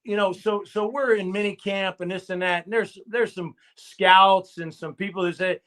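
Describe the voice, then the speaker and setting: Telling stories in a live stream interview, a football coach speaks at normal speed with a high, steady, slightly bright voice and hardly any pauses. His delivery is emphatic and repetitive, dotted with rallying asides like "okay?" and "I'm gonna tell you what."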